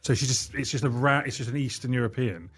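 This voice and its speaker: A man's voice: mid-range voice, a bit bright, slightly rough. A man co-hosting a radio chat show, explaining things casually and laughing at himself. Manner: explaining, self-deprecating, quick to laugh.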